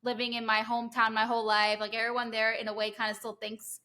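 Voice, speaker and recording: A young woman from New Jersey with a New Jersey accent, hosting a podcast and telling stories in an animated way, full of "like"s and quick laughing asides. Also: a little high. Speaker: podcast host. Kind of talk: casual interview chat.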